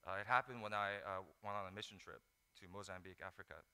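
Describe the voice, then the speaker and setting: Man, pastor, sermon, bright forceful voice, smooth, echoing hall. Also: lowish voice, fast talker. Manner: animated storytelling, acts out disciples in mock voices. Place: large hall. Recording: echoey hall.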